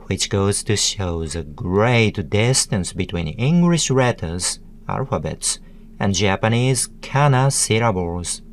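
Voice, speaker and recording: A man giving a scripted tutorial narration, deliberately sounding out words one syllable at a time. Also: fairly low pitch, a little hiss or hum.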